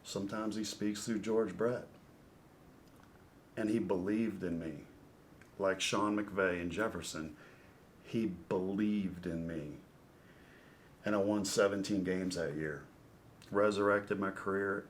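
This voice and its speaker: A middle-aged man with a fairly low voice tells an animated story as a podcast guest. He talks like a natural storyteller, building up his excitement before settling into a reflective close. A faint low rumble sits behind him. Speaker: podcast guest, former pitcher and baseball announcer.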